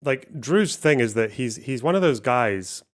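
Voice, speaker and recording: A man's voice: medium pitch, expressive, a little slow. A male streamer giving casual, sarcastic commentary, rambling, laughing and swearing. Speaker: streamer host.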